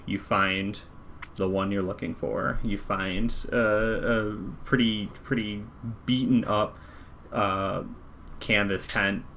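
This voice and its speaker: A man runs a tabletop game in a loose, rambling way, full of "like" and "you know". His voice sits a little low but sounds bright and forward. A faint hiss hangs behind him. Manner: loose, filler-heavy narration. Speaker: game master.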